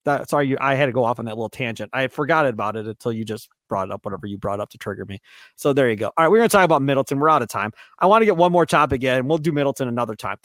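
A man co-hosting a sports radio show, ranting excitedly and slipping into mock voices of players. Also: mid-range voice, very fast, no room sound, clean studio sound. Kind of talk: animated sports radio rant.

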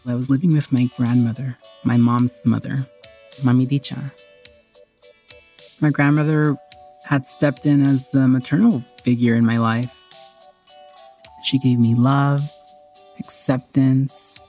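A woman's voice: extremely low pitch, little pitch movement, a little slow, pauses often, mellow, faint music behind. Heartfelt woman telling her own story. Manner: candid, heartfelt, conversational. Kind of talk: personal storytelling.

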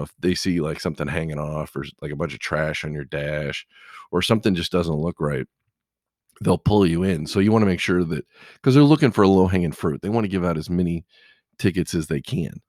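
A man's voice: deep voice, fairly quick, darkish tone, no room sound, clean studio sound. A middle-aged man, a truck driver, chatting casually and telling rambling stories full of "you know". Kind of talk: casual chat.

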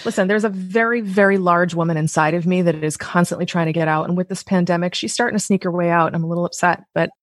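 Chatty woman in her thirties, low voice. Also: fast talker, few pauses, dry recording, studio quality. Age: 30s. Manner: chatty, animated, lots of "like". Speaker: podcast guest. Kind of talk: casual interview chat. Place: Maui, Hawaii.

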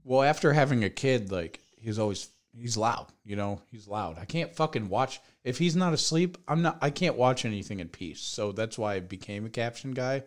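A man's voice: mid-range voice, lively intonation, normal speed, few pauses. A man co-hosting a podcast, trading joking, profane banter in casual chat. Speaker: podcast co-host.

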